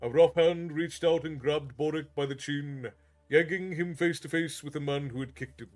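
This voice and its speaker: A man telling a fantasy story as a steady, measured storyteller. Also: fairly high pitch. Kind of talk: reading a fantasy novel aloud. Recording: faint background music.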